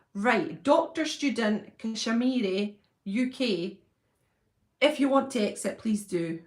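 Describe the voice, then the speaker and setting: A woman talks into her phone from a room at her mother's house. She reads viewer comments aloud and answers them in a casual, chatty way, at a middling pitch for a woman. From United Kingdom. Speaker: channel host. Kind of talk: casual livestream chat with viewers.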